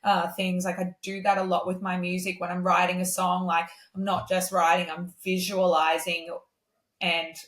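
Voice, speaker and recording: A woman, a singer-songwriter and podcast guest, talking in a chatty, animated way with many fillers. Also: on the low side, normal speed. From Australia. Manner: chatty, animated, acts out quoted voices. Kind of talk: casual chat. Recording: roomy echo.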